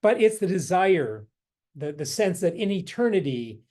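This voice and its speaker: A man with a fairly high voice teaches a guided meditation practice. He rambles gently, chuckles often, and drops into soft, quiet repetitions of simple phrases. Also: big pitch swings, moderate pace. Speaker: workshop leader. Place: a room indoors.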